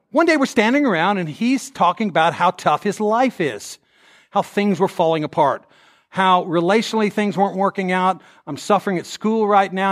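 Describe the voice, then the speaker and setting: High-voiced man preaching a story sermon. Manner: storytelling, animated, acts out quotes. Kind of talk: conversational sermon.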